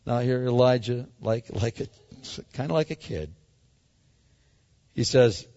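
A man preaching a sermon, swinging dramatically between loud and hushed. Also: mid-range voice, expressive, unhurried, pauses often, long reverb tail, highs cut off. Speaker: pastor.

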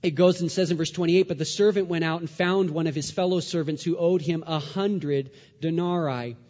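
Man preaching with dramatic loud-soft swings. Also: fairly high pitch, steady tone, moderate pace, big-room sound, highs cut off. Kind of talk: sermon.

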